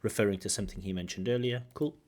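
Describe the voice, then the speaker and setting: Speaking rapid-fire in a lowish, slightly mellow voice, a man who examines and teaches IELTS gives feedback on a recorded speaking test. He takes it point by point, pausing to explain and comment.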